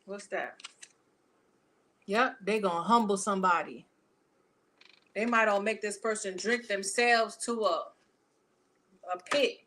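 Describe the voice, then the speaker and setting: A woman reading tarot cards for her viewers in a casual, animated, profane and chatty way. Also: mid-range voice, measured pace, pauses often, a little hiss or hum. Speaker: tarot reader.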